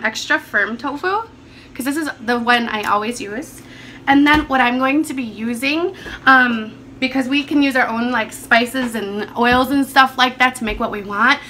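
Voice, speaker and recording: A woman with a hoarse, under-the-weather voice talks her way through a casual home cooking vlog, upbeat and rambling. Her tone is bright and sits a bit high, and a faint hum of household noise sits behind her. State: hoarse from being sick. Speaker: vlogger.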